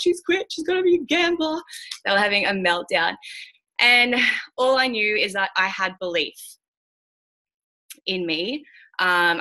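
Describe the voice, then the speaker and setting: Her voice is lower but bright, and her manner is frank and blunt, with swearing and many fillers. She's a guest speaker mentoring traders, giving a candid motivational talk on a call.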